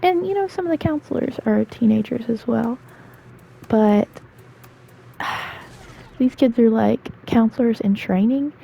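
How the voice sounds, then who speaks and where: A woman's voice: fairly high pitch, measured pace, vocal fry, pauses often, slightly rough, muffled recording. A woman in her twenties, rambling through casual stories with lots of fillers while she plays a game. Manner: chatty, rambling with fillers and asides. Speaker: gaming storyteller. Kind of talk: casual storytelling while gaming.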